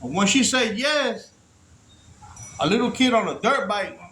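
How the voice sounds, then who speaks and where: A man's voice: high-pitched, animated, unhurried, fairly bright tone. A man telling his own story to camera in a casual, rambling, profane way. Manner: rambling, profane, restarts often. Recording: echoey room.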